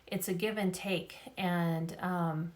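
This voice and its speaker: A woman's voice: on the low side, fairly even intonation, takes it slowly. A middle-aged woman speaking to camera in a casual vlog about faith. She talks earnestly and rambles with many fillers, and she is tired after a migraine. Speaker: vlogger.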